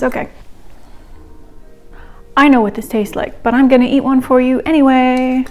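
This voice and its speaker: Young woman, home cooking vlogger, higher voice, chatty, giggly asides. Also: flat delivery, moderate pace, long pauses, darkish tone, faint music behind. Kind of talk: casual cooking vlog.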